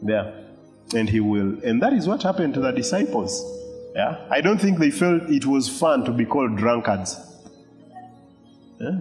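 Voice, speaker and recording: A man's voice: mid-range voice, big pitch swings, moderate pace, long pauses, a little mellow, faint music behind. A male pastor preaching a sermon, telling a personal story with quoted voices and asides, in a church hall.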